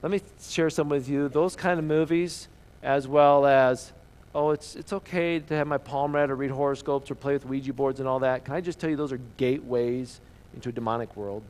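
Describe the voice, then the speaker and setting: A pastor preaches earnestly in a steady, mid-range voice, going a little fast as he asks listeners questions and drops to a hush for emphasis. The audio quality is poor.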